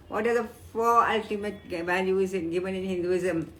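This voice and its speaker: An older woman, a spiritual teacher, giving an unhurried devotional discourse on scripture, with halting restarts and soft fillers, speaking in a gentle, earnest way. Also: medium pitch, steady tone. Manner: gentle and earnest, quoting the deity in a tender voice.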